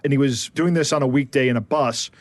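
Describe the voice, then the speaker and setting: A man's voice: medium pitch, quick pace, no echo. A man co-hosting a podcast, casually retelling a story he read, with frequent asides to his co-host.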